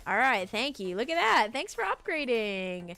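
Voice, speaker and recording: A young woman from Sydney with a softened Australian accent, chatting casually and rambling while she streams a game and answers her chat. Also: fairly high pitch, sing-song, moderate pace, gravelly, soft background music.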